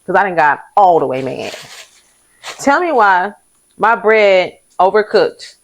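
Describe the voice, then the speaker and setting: A young woman talks into the camera in a loose, confessional way. Her voice sits at an ordinary middle pitch, and she keeps things frank and chatty, often laughing as she goes. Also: big pitch swings, slow pace, a little hiss or hum, poor audio. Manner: candid, chatty, uses southern US vernacular, laughs often. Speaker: vlog host. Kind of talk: casual confessional chat.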